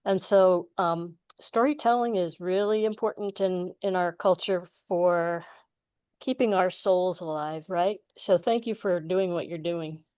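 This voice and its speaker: A woman in the audience, gentle and appreciative as she comments. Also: fairly low pitch, steady tone, measured pace, clean tone, no room sound, clean studio sound. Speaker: audience participant.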